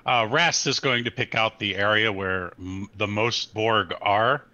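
A man playing a tabletop role-playing game, talking slowly and laughing often. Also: fairly low pitch, pushed and bright, lo-fi sound. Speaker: player. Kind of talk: tabletop role-play chat.

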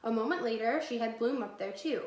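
A woman teacher reading a chapter book aloud to her class in a clear, steady storytelling voice. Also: a little high, a little fast. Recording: echoey room.

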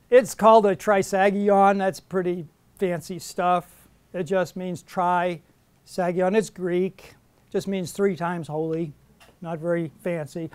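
A middle-aged man with a fairly high voice leads a Bible study, animated and emphatic as he questions his class. The sound is close and dry, with no room echo. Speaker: Bible teacher. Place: indoor classroom.

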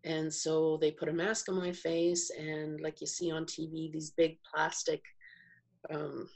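A middle-aged woman with a low, husky voice that crackles into fry. She tells her own story as a podcast guest, slowly and reflectively, pausing and circling back as she looks for the right words. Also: level tone, darkish tone. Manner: slow, reflective storytelling with pauses and restarts. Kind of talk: personal testimony in an interview.

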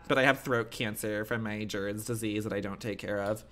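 A man's voice: lowish voice, steady tone, moderate pace, few pauses, pushed and bright. A young man streaming a game live, talking in a campy, sassy, profane way and laughing often. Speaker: gaming streamer. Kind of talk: live gameplay commentary.

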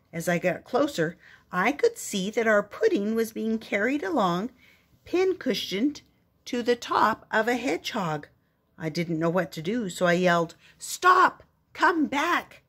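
Grandmother storyteller, husky, expressive read-aloud. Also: medium pitch. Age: older. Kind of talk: reading a picture book aloud.

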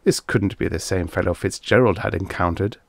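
A man reading a vintage science fiction story aloud as a narrator, in an expressive storytelling manner. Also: low voice, a little fast, vocal fry, no echo. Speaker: audiobook narrator.

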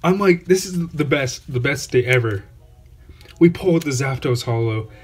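A man's voice: medium pitch, expressive, normal speed, husky. A man hosting his own channel, giving casual unboxing commentary, awestruck and repeating exclamations over and over. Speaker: channel host opening trading card packs.

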